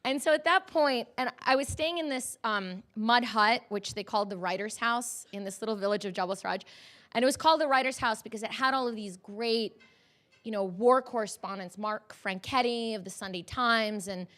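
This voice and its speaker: A journalist in her thirties tells a personal story on camera in a lively way, laughing often and acting out the people she quotes. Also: fairly high pitch, moderate pace.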